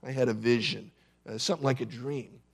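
A man's voice: mid-range voice, steady tone, a little fast, vocal fry, husky, pitched below the performer's own voice. A man voicing an earnest middle-aged man who retells his vision in a plain, conversational way.

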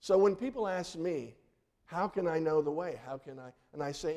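A middle-aged male pastor giving a sermon, earnest, with dramatic drops into soft, quiet phrases. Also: fairly high pitch, normal speed.

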